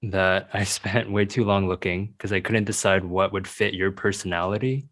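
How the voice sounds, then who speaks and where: Young male podcast host, very low voice, relaxed and friendly. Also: moderate pace. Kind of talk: podcast interview.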